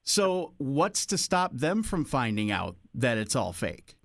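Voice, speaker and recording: A man's voice: medium pitch, sing-song, takes it slowly, creaky, fairly bright tone, no echo, clean studio sound. A man hosting a radio interview, asking skeptical, probing questions. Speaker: radio host.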